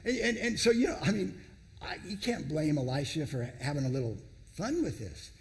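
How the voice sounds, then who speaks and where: Male pastor, emphatic sermon delivery, gravelly texture, high and lively pitch, big reverberant hall. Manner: dramatic, emphatic preaching with long pauses.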